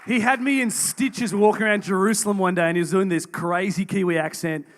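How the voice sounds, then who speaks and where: An upbeat, jokey man who interviews a guest at church. His voice is high for a man. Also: fairly even intonation, a little fast, a faint crowd. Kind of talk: onstage interview.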